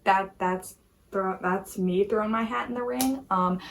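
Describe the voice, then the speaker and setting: A woman giving a casual, animated opinion rant as a YouTube commentator, exasperated and full of "like" fillers. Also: mid-range voice, measured pace, slight background noise. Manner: animated, exasperated, heavy use of "like".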